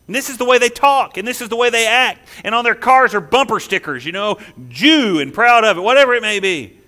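A man preaching a sermon, emphatic, swinging between loud declarations and hushed asides. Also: very high-pitched, lively intonation, a little fast. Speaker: pastor.

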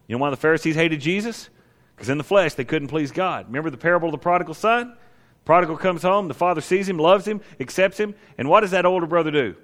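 A man's voice: fairly high pitch, fairly bright tone. A male pastor delivering a conversational sermon, often tagging his points with "right?". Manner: conversational preaching, frequent tag "right?". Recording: long hall reverb.

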